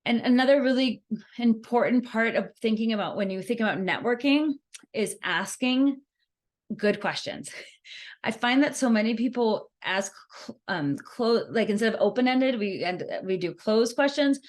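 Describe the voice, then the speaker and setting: A woman with a fairly high voice leads a workshop on networking skills. She talks in a lively, conversational way, acting out little scenes and laughing easily as she explains. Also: normal speed. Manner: animated and conversational, with playful acted-out examples. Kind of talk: workshop presentation.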